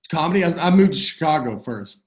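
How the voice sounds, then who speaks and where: A man's voice: fairly high pitch, animated, quick pace. Easygoing man rambling in casual chat. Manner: rambling, easygoing, full of restarts. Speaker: comedian guest.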